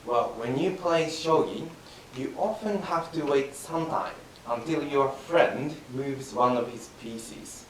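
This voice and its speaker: A man playing an older yawning teacher in rakugo comic storytelling, speaking in a calm, instructive way. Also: medium pitch, slow pace, few pauses, lightly acted. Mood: calm instructing. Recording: roomy, distant mic, faint hiss.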